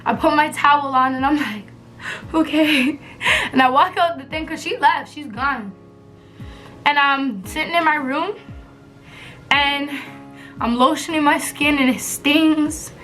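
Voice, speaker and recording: A young woman vlogger tells a story casually, full of slang and frequent laughter. Her voice is high and bright, and faint music plays underneath. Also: measured pace. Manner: animated, laughs often, slangy and blunt.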